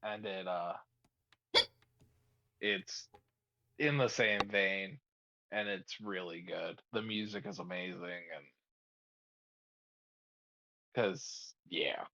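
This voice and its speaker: A man chatting casually over a voice call in an easygoing, halting way, with many pauses and fillers. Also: deep voice, pushed and bright, no echo. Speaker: call guest. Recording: muffled dry call audio through earbuds.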